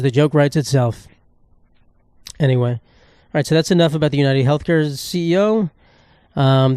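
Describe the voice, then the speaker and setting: A man's voice: mid-range voice, a little mellow, clean tone, no room sound, studio quality. A man in his twenties hosting a solo comedy podcast, ranting profanely and sarcastically, jumping into silly voices. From United States. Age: 20s. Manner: profane, rambling, sarcastic, with sudden jumps into silly put-on voices. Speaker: podcast host.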